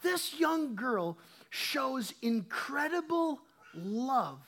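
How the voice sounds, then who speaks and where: A man in his thirties preaching a casual, conversational sermon, swinging from quiet asides to emphatic bursts and often repeating words as he restarts. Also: very high voice, sing-song, very slow. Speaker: pastor.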